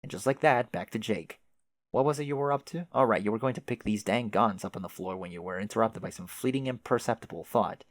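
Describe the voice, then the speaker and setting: A man with a lowish voice reads a webcomic aloud, dropping casual, wry asides and the odd swear between passages. The recording is close and dry, with no room sound. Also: fast talker, no echo. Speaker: webcomic reader. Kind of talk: reading a webcomic aloud with commentary.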